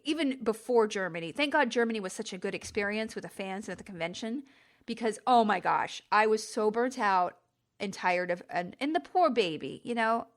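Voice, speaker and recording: A middle-aged woman hosting a podcast, telling a travel story in a chatty, exasperated way and jumping up in pitch for emphasis. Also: fairly bright tone. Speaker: podcast host. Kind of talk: casual storytelling monologue.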